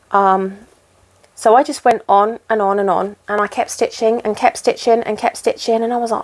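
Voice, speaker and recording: A woman's voice: on the high side, fairly even intonation, fairly quick. A woman in casual chat while she stitches, rambling and poking fun at herself. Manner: rambling, chatty and self-deprecating. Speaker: cross-stitch vlogger.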